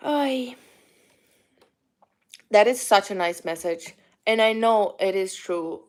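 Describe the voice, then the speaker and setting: A woman's voice: medium pitch, takes it slowly. Young woman, Romanian accent, casual vlog chat, candid, rambling, lots of "like". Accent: Romanian, mixed with British and Irish. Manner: candid, rambling, many "like" fillers. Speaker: vlogger. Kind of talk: casual eat-with-me chat answering viewers.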